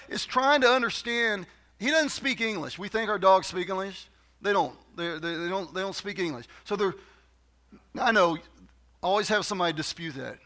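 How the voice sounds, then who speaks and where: A man delivers a sermon to his church, his voice sitting high and bright. He talks in a loose, conversational way, repeating key phrases and dropping asides to the congregation. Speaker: pastor.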